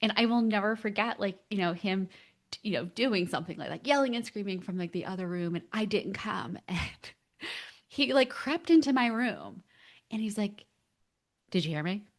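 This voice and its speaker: A middle-aged woman, a parent coach, telling stories on a podcast, lively, filler-heavy and laughing often. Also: medium pitch, moderate pace. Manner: animated storytelling, laughs often, many fillers. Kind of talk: casual podcast conversation.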